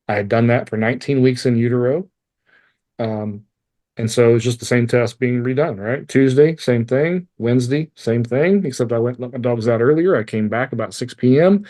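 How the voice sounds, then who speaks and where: A man with a medium-pitched, darkish voice is a guest on a podcast, sharing a painful personal story. He's candid and emotional, swears freely, and lets out wry laughs through the hard memories.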